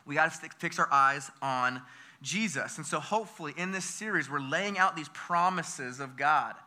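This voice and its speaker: A male pastor from the United States delivers a lively sermon in a high voice that sounds sharp and very bright. He throws question after question at the congregation and doubles back on his words as he pushes on. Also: normal speed. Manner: energetic, with call-and-response questions to the congregation; repeats words and restarts phrases.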